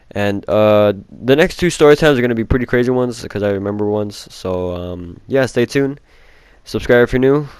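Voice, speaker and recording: A man's voice: fairly low pitch, darkish tone, smooth, no room sound. A young man telling a rambling personal story in a casual vlog, swearing often and filling with "like". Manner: rambling, heavy swearing, many "like" fillers. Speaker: vlogger.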